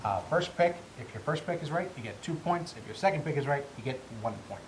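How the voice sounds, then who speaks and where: A man's voice: fairly high pitch, expressive, fast talker. A man co-hosting a casual wrestling podcast, talking animatedly with many stammered restarts. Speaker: podcast co-host. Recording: echoey room with faint hum.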